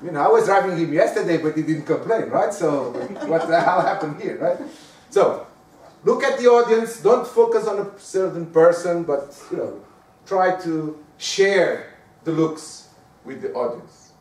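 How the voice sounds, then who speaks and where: High-voiced man lecturing. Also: unhurried. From Portugal. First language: Portuguese. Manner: lively, conversational, often asks the room "right?". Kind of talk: lecture on giving presentations. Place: lecture room. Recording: echoey lecture room, mic at a distance.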